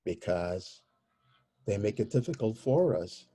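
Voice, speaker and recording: Interview guest, male, mellow tone, halting and searching for words as he tells his story. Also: on the low side, animated.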